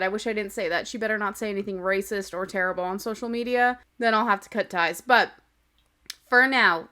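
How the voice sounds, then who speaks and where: A woman's voice: a little high, bright, forceful tone. Chatty young woman hosting a podcast. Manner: chatty, opinionated, laughs often. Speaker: podcast host. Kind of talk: casual reality-TV recap. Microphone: podcast microphone.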